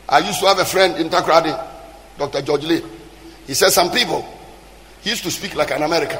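A man preaching a sermon, shouting and half-singing his lines. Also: on the high side, fast, in a large hall, slight background noise. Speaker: pastor.

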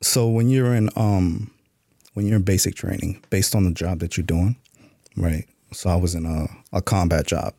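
A man's voice: deep voice, fairly even intonation, normal speed, vocal fry, warm tone, no room sound, studio quality. A man being interviewed on a podcast, telling a story in a laid-back way and swearing casually. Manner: laid-back, profane, full of "you know what I'm saying". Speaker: podcast guest, author and Army veteran.

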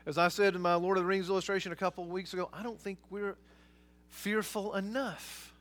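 Male pastor, high voice, earnest sermon, emphatic, loud and soft by turns. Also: flat delivery, a little fast. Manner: earnest, emphatic, swings between loud and quiet.

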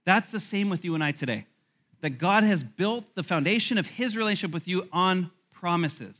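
A male pastor giving a lively sermon, with laughs and quick asides. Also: high-pitched. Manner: animated preaching with laughs and asides.

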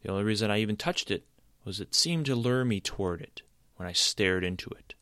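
A man's voice: fairly low pitch, lively intonation, brisk, fairly bright tone, no echo, studio quality. A man voicing an old male wizard cursed into a tree stump, firm and insistent as he explains. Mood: innocent.

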